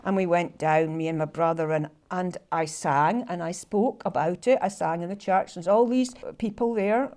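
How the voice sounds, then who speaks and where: A Scottish woman telling a personal story to a live audience, halting and repeating herself with deep feeling. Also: a little mellow. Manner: halting, repetitive and heartfelt.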